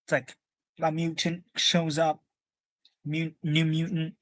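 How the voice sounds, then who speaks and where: A man's voice: fairly high pitch, little pitch movement, measured pace, fairly bright tone. A man casually reading a comic book aloud, stumbling over words and chatting in asides.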